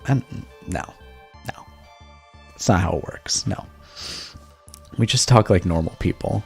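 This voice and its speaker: A man's voice: deep voice, takes it slowly, creaky, pauses often, breathy edge, faint music behind. A man streaming a text game, commenting on it with wry amusement.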